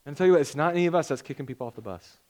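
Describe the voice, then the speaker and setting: A man's voice: on the high side, lively intonation, rapid-fire, darkish tone. A young man preaching a sermon as pastor, conversational and joking, often acting out imagined voices.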